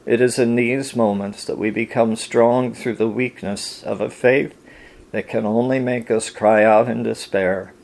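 A man giving a slow, gentle, reflective devotional sermon as a pastor, reading scripture and leading a prayer. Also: mid-range voice, fairly even intonation, gravelly.

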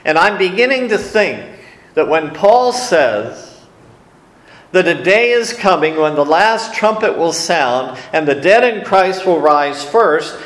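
A man preaches a Bible teaching in an unhurried, homely, conversational manner. His voice sits a little high, and the words carry around an echoey room. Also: fairly bright tone. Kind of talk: sermon.

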